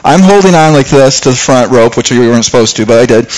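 Middle-aged guy preaching, tells his story all animated then goes soft and reflective, mid voice. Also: mid-range voice, fast talker, low-quality recording. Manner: animated storytelling, rising and louder when reliving danger, softer when reflecting. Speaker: pastor. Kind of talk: sermon with personal story.

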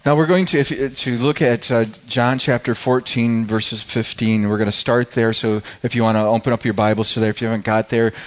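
A man's voice: medium pitch, fairly even intonation, fairly quick, few pauses, lo-fi sound. A man preaching a sermon in a casual, conversational way, often restarting and repeating words. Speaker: pastor. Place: church service.

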